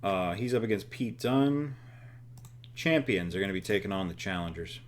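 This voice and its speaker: A man's voice: deep voice, animated, normal speed, a little hiss or hum. A man co-hosting a casual game session, thinking aloud with fillers and jokes. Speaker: co-host. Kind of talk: casual chat while playing a booking game.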